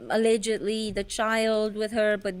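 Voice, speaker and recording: A woman's voice: medium pitch, level tone, a little slow, clear, resonant tone, rough recording. A woman co-hosting a casual livestream, quizzical and rambling, with frequent giggles. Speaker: co-host.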